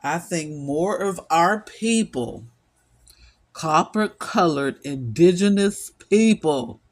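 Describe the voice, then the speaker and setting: A middle-aged vlogger gives a passionate monologue alone, speaking slowly and deliberately. His somewhat high voice carries a weary yet emphatic, animated tone, and he drives his points home by repeating them.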